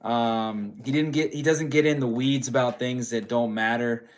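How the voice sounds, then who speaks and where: Tired dad rambling on a livestream. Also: male voice, medium pitch, fairly even intonation, normal speed. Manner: rambling, repeats his phrases. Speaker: streamer reading viewer chat. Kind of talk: casual livestream chat.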